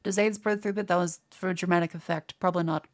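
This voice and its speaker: A woman's voice: fairly low pitch, fairly even intonation, fast. A young Australian woman streaming live, chatting casually and crudely in a rambling way, with frequent restarts as she answers viewers. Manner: profane, rambling, stammers and restarts.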